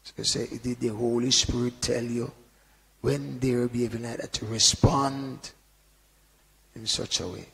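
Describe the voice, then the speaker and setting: Gravelly man preaching in a reverberant hall. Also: mid-range voice, steady tone, unhurried. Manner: conversational preaching with frequent "you know" and sudden loud emphasis. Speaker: Bible teacher. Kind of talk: informal sermon.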